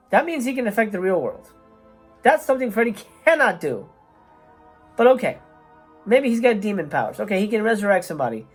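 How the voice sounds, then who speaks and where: A woman hosting a movie review channel, delivering a profane, sarcastic rant in an emphatic, swearing manner. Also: on the high side. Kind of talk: profane ranting film review.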